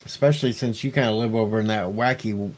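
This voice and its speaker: A man's voice: on the low side, steady tone, quick pace. A man on a late-night live stream, rambling and joking as he answers his viewers' chat. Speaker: livestreamer reading chat.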